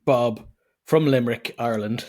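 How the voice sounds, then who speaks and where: A man co-hosting a podcast, chatting enthusiastically about a film with quick quips. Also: medium pitch, darkish tone. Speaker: podcast co-host. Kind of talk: casual movie review chat.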